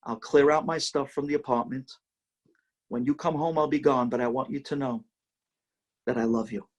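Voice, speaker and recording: A man's voice: mid-range voice, steady tone, normal speed, darkish tone, highs cut off, close to an everyday voice. A man voicing a selfless blind husband who speaks earnestly and tenderly to his wife.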